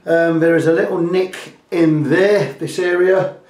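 A man's voice: a little high, steady tone, a little slow, darkish tone. A luthier talking casually and plainly in his workshop, rambling a bit with fillers. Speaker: luthier and guitar repairer. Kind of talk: casual workshop video talk. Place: guitar workshop indoors. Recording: roomy echoey workshop.

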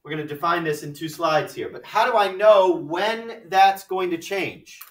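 A man's voice: high-pitched, normal speed. A man teaching a math class, explaining step by step and often asking rhetorical questions like "right?". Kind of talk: classroom lecture. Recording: echoey room from far off the mic.

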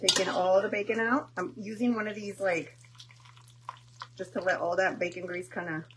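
A woman's voice: medium pitch, fairly even intonation, normal speed, background noise. A young woman chatting and joking through a home cooking stream, tossing in Spanish words. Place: home kitchen.

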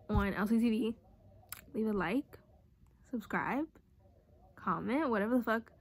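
A woman's voice: on the high side, normal speed, fairly bright tone. A young woman talking casually to camera about her days, blunt, slangy and swearing a lot. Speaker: vlogger. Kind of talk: casual vlog talk to camera. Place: at home.

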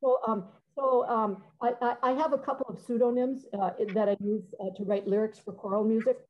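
A woman's voice: fairly high pitch, fairly even intonation. Woman, middle-aged, composer on a muffled call; stop-start delivery, sings brief examples. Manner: halting, searching for words, sings short phrases to demonstrate. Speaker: composer giving a talk. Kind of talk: conversational talk with many fillers and restarts.

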